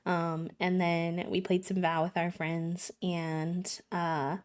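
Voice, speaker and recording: A young adult woman streamer in casual chat, retelling a story in an animated way, with lots of fillers. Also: lowish voice, slow pace, smooth.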